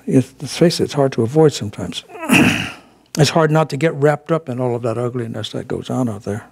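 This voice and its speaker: A man's voice: mid-range voice, gravelly. A man giving a casual sermon at a spiritual center, folksy and chuckling, with many fillers and restarts. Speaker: spiritual practitioner giving a talk.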